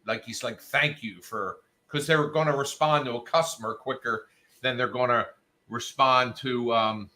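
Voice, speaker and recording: A man's voice: medium pitch, fairly even intonation, moderate pace, bright, forceful tone. A man hosting a show, telling a story in a casual, profane, worked-up rant and quoting people in raised voices. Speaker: show host.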